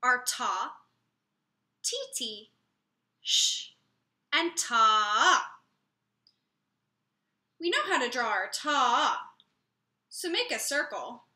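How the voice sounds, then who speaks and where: A woman music teacher giving a slow, clear, encouraging lesson to young children. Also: a little high, big pitch swings, pushed and bright, reverberant.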